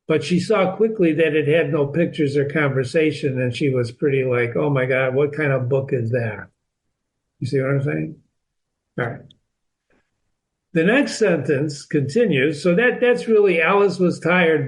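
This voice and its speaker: Man explaining a novel, somewhat high voice. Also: a little mellow, rough recording. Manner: explanatory, repeats and restarts words, stresses key points. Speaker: literature teacher and channel host. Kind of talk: recorded reading lesson.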